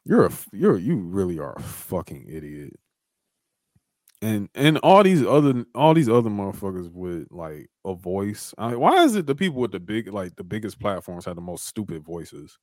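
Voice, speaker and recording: A man's voice: lowish voice, very animated, moderate pace, darkish tone, no echo, clean studio sound. A man co-hosting a podcast, ranting in casual chat, swearing heavily and repeating himself. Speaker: podcast co-host.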